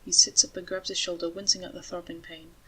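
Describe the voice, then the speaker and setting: Breathy woman reading a story. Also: on the low side, flat delivery, quick pace, a bit bright, poor audio. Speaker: story narrator. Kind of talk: story narration.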